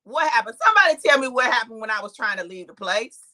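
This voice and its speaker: A high-voiced woman tells a story with animated energy, greeting her online viewers by name. Her tone is bright and sharp. She acts out the voices of people in the story and laughs often as she talks. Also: fast talker. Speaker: preacher and live-stream host. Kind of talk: lively storytelling to a live online audience.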